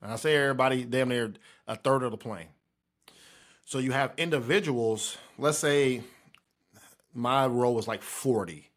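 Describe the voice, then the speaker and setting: A man's voice: medium pitch, moderate pace. A man co-hosting a podcast, telling a story in casual chat with slang and asides. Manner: relaxed, slangy, sets up stories with asides. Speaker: podcast co-host.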